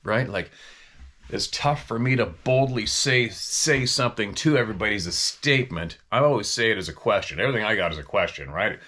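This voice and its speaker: A man's voice: lowish voice, expressive, fairly quick, bright, forceful tone. A man hosting a casual talk, a former hunting guide telling stories in a rambling, questioning way. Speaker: host.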